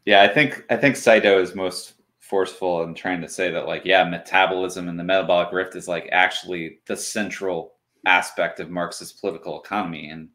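Lower-voiced man, casual guest. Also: steady tone, a little fast, hardly any pauses, sharp tone. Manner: casual, peppered with "like". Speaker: guest professor. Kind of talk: casual interview conversation.

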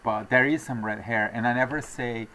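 A man from Argentina, a traveling salesman, telling stories in a casual interview with halting, rambling speech full of restarts. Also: medium pitch, fairly even intonation, bright, forceful tone, a little hiss or hum. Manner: acts out quoted voices.

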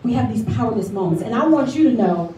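A woman giving a lively motivational speech at a luncheon, telling her story and calling for responses from the audience. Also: fairly high pitch, fast, slight background noise. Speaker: motivational speaker. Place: event hall at a luncheon. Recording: echoey hall recorded from far off.

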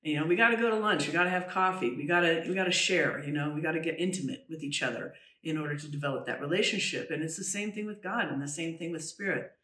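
A woman medium recounting her spiritual experiences in an interview, earnest and halting, with many restarts and a voice that drops to a hush in the eerie parts. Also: low-pitched. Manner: drops to a hushed voice when recounting the eerie moments. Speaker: trance channel medium, interview guest. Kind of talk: personal storytelling in an interview. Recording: roomy, distant from the mic.

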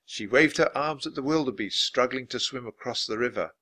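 A man reading a children's book aloud, expressive and dropping low for narration. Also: fairly quick. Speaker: storybook reader.

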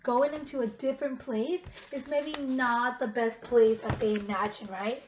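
Lady teacher reading a kids book out loud, high voice, kinda dull lo-fi audio. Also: fairly even intonation, moderate pace, slight background noise. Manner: gentle questioning, talks to children as friends. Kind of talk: children's read-aloud.

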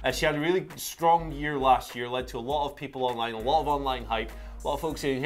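A man co-hosting a wrestling news show, talking casually with quick asides and easy laughter. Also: medium pitch, fairly even intonation, soft background music.

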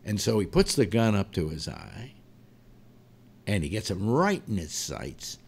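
A man hosting a talk show, telling a long joke to his panel as an animated, laughing storyteller. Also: fairly low pitch, measured pace, gravelly, slight background noise. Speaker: radio show host.

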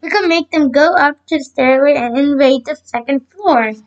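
An eager, mischievous little schoolboy from a storybook, bursting with big ideas, as a woman reads him aloud in a high voice. He talks fast, trips over a word and starts again. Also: muffled recording. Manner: reads with slips and restarts.

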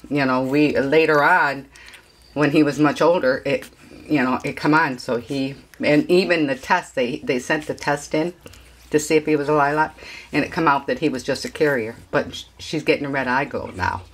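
A woman's voice: very deep voice, slightly rough. A woman dog breeder chatting casually in a home video, rambling and cooing at puppies.

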